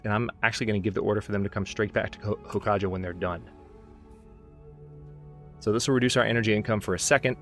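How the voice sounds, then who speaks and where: A man casually commenting on his strategy game as he plays, chatting to his own units and joking at himself. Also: lowish voice. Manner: chatty, talks to his units, self-mocking asides. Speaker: let's play host.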